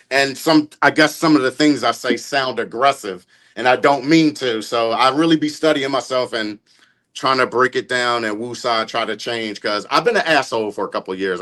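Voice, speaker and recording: A man's voice: medium pitch, fairly quick, fairly bright tone. A man with a Philadelphia accent, talking openly and bluntly about his temper in a casual group podcast chat. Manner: blunt, open, reflective. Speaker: podcast guest.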